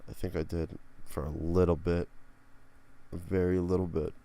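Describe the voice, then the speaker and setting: A man's voice: sits low, little pitch movement, moderate pace, mellow. A young man from Pennsylvania hosting a solo podcast, rambling and grumbling with lots of profanity. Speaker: podcast host. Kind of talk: casual solo podcast monologue.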